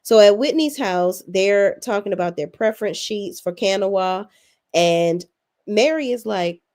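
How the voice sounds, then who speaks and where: A woman's voice: mid-range voice, measured pace, a little mellow. A young adult woman hosting a casual recap, blunt, sassy and full of swearing. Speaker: reality TV recap host.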